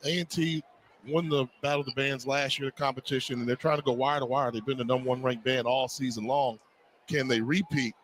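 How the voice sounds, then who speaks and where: A man's voice: medium pitch, steady tone, brisk, a bit bright, slight background noise, rough recording. A man giving color commentary on a football game, explaining plays with enthusiastic analysis. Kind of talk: sports commentary.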